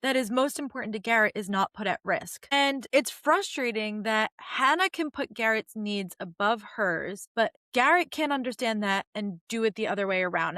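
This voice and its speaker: A woman's voice: a little high, no room sound, studio quality. A young woman hosting a podcast, chatting animatedly about a TV series, swearing casually and acting out the characters' lines. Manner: animated, swears casually, acts out quotes in a raised voice. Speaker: podcast host. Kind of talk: casual recap commentary.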